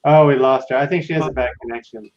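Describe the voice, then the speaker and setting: A man's voice: mid-range voice, fairly even intonation, quick pace, crowd noise. A man chatting casually on a live stream, laughing often. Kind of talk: casual chat. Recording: muffled with faint hiss.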